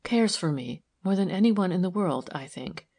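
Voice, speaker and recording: A woman reading an audiobook, voicing the lady of the house, who speaks firmly and quietly. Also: lowish voice, expressive, moderate pace, husky. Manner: firm and quiet, sometimes stern. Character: firm, gentle lady of the house, middle-aged. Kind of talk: audiobook character voice.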